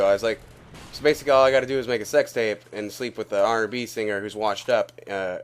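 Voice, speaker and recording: A man's voice: fairly low pitch, steady tone, fast talker, clean tone. A young man giving casual, profane gameplay commentary, rambling and laughing at his own stories while coughing as he recovers from being sick. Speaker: gaming YouTuber.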